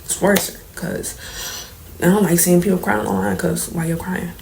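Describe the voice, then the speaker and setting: A young woman, speaking softly and shakily in an emotional storytime confession, holding back tears and sometimes dropping to near whispers. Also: fairly low pitch, steady tone, normal speed, gravelly, slight background noise, poor audio. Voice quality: soft, trembling at times, drops to near whispers. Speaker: vlogger. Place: indoors, late at night.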